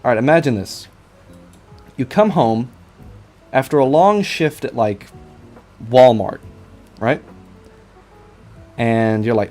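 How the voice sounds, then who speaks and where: A man's voice: mid-range voice, lively intonation, takes it slowly, pauses often, darkish tone, faint music behind. Rambling young man streaming while drawing. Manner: rambling, self-mocking, stammers with repeated I's. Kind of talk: casual live-stream chat while drawing.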